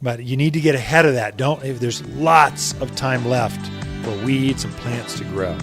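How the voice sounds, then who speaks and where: A man hosting a radio garden show from the studio, jokey and quick to laugh. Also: medium pitch, music in the background. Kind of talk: casual radio chat.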